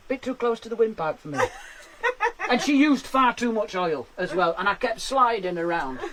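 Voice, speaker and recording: A man doing stand-up from his garden shed, with quick self-deprecating patter and laughs at his own jokes. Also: very high-pitched, fairly bright tone, poor audio. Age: 40s. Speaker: stand-up comedian. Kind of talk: live-streamed stand-up.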